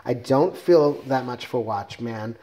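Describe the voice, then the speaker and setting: A man's voice: medium pitch, unhurried, warm tone. A man casually reviewing a comic book, rambling with self-corrections and jokey asides.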